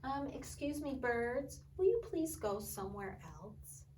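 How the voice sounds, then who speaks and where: Polite worried elephant guy, talks slow and careful, lady reading it out, mic kinda far, faint hiss. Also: high voice, very animated, darkish tone. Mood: fussy polite. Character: polite fretful male elephant. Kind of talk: reading a picture book aloud.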